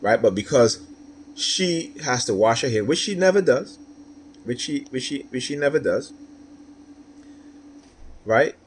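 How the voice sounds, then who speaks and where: A man's voice: medium pitch, animated, measured pace, pauses often, a little hiss or hum. A man talking through a personal story, rambling and often asking "right?" with many fillers. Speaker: commentator. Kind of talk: personal monologue.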